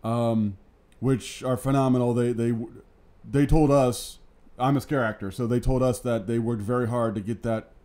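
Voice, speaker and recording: A man in casual conversation, his voice dark and mellow. He talks with eager enthusiasm but stalls often on ums and repeated words. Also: medium pitch, fairly even intonation, moderate pace. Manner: enthusiastic, hesitant with many ums. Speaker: co-host, scare actor. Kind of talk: casual review chat.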